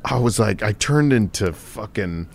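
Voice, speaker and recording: Low-voiced man telling profane stories. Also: expressive, measured pace. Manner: profane, rambling, laughs through stories. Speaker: podcast host. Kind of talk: casual storytelling chat.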